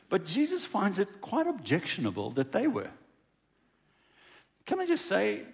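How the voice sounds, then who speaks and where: A man preaches in a church, his pitch leaping high and dropping low as he talks. He slips in and out of little voices for the people in his story, and his delivery stays conversational. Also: vocal fry. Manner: animated, conversational preaching with acted-out dialogue. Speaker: pastor. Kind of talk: sermon.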